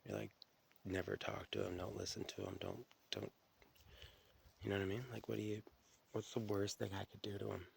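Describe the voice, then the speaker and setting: Gravelly low-voiced man rambling. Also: lively intonation, a little fast, pauses often, slight background noise. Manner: profane, stream-of-consciousness storytelling with many restarts. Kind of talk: rambling solo monologue.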